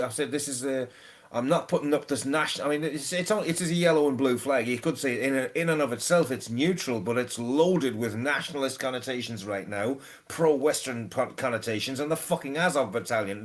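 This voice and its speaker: A man in casual podcast chat, ranting, swearing freely and stumbling over repeated words. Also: mid-range voice.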